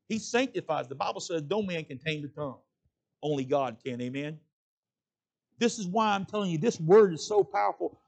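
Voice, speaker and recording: A man's voice: fairly high pitch, vocal fry, darkish tone. A middle-aged man preaching a sermon, folksy and plain-spoken, often calling out "amen?" to the congregation. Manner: preaching with frequent call-outs of "amen?" to the congregation. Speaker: pastor.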